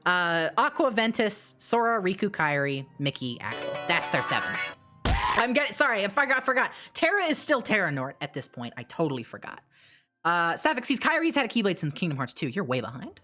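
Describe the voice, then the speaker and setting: A woman streamer casually retelling a story, animated and swearing, with quick asides and restarts. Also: medium pitch, faint music behind.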